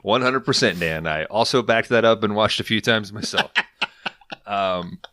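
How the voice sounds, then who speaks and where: A man hosting a podcast, recapping an episode in an animated, casual storytelling way with a lot of swearing. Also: fairly low pitch, normal speed, no echo, studio quality. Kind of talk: casual chat.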